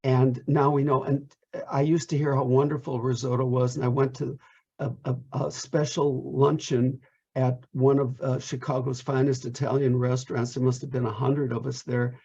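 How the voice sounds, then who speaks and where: A man's voice: medium pitch, little pitch movement, normal speed, mellow, husky. A man hosting an online talk, giving closing thanks in a rambling, jokey way with many repeated words. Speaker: host of a lecture program. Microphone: video call. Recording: dull, lo-fi video call audio.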